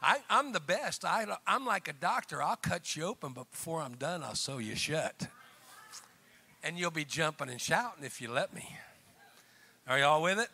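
A male pastor preaching a sermon, swinging from emphatic loud bursts to quiet chuckling asides and calling out to the congregation. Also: fairly high pitch, animated, moderate pace, husky.

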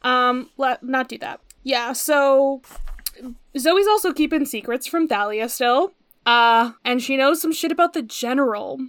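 A woman's voice: high-pitched, measured pace, fairly bright tone, clear, resonant tone, no echo. A young woman co-hosting a casual book discussion podcast, joking and laughing often. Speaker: podcast co-host.

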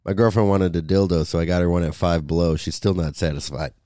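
A man co-hosting a podcast, trading crude jokes in a deadpan drawl and saying "dude" often. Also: low voice, quick pace, dry recording, clean studio sound. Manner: deadpan, drawling, swears and says "dude" a lot. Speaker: podcast co-host. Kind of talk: crude comedic banter.

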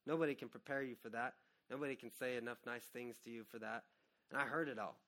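A man in his thirties, a pastor preaching an earnest, personal sermon that swings from hushed to loud. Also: medium pitch, fairly even intonation, fast talker.

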